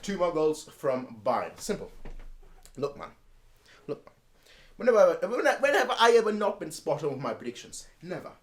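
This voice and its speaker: A man's voice: fairly high pitch, sing-song, normal speed, long pauses. A man hosting a football fan channel, giving a casual match preview in an emphatic, slangy, repetitive way.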